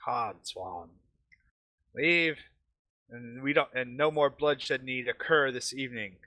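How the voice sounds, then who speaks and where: A man voicing a menacing male minotaur warlord with a German accent, delivering slow, commanding ultimatums. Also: mid-range voice, sharp tone. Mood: threatening.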